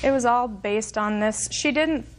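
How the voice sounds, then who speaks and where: Somewhat high-voiced woman plaintiff. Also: a little slow. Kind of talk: courtroom testimony. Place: TV courtroom.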